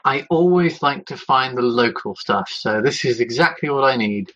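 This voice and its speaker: A man's voice: medium pitch, expressive, normal speed, fairly bright tone. A man playing his character in a tabletop game, jaunty and theatrical. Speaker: player. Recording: dull lo-fi recording.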